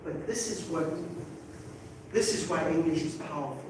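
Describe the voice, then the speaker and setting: A man's voice: fairly high pitch, lively intonation, moderate pace, a little hiss or hum. Older man teaching in a very echoey hall. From Africa. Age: 60s. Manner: conversational, asks rhetorical questions and checks in with "okay?". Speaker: English teacher. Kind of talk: classroom talk to students. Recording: very echoey room from far off, faint ambience.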